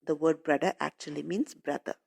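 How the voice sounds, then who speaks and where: A woman's voice: sits low, steady tone, a little fast, vocal fry, darkish tone, slightly rough. A woman English teacher explaining a story to schoolchildren, patiently repeating and paraphrasing while calling them children.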